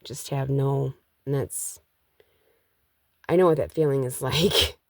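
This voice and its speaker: A woman's voice: extremely low pitch, slow, dry recording, studio quality. A middle-aged woman chatting casually in a rambling way about spiritual matters, with many restarts. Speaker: vlogger.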